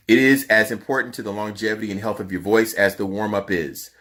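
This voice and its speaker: A man's voice: lowish voice, steady tone, fast, hardly any pauses, sharp tone. A man teaching singers a vocal cooldown in a casual, emphatic way, his voice sounding tired. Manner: emphatic, instructive. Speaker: vocal coach.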